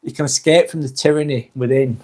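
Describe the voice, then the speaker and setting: A man's voice: medium pitch, fairly even intonation, fairly quick, a little mellow, a little hiss or hum. A man hosting a casual live stream on his phone, reading out viewer comments with dry jokes and casual swearing.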